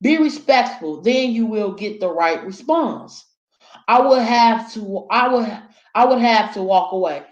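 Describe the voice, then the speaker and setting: A woman's voice: on the high side, animated, unhurried, roomy sound, low-quality recording. A woman chatting casually to her viewers, blunt and opinionated, swearing freely. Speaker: vlogger. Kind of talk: casual talk while eating, reading chat.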